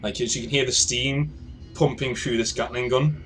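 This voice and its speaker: A man's voice: mid-range voice, fairly even intonation, moderate pace, a bit bright, soft background music. A man acting as game master, narrating a tabletop role-play game in a hesitant way with many fillers and restarts.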